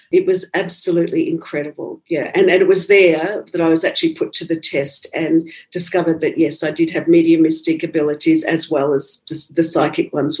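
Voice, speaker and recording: A woman's voice: on the low side, poor audio. A woman, a psychic medium recounting her experiences in a conversational interview, acting out the dialogue she quotes. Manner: animated, acts out quoted dialogue. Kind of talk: conversational storytelling.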